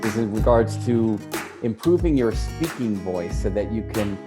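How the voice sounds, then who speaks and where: A man co-hosting a discussion about public speaking, relaxed and thoughtful with small restarts. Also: on the low side, normal speed, over music. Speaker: co-host. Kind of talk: casual panel discussion.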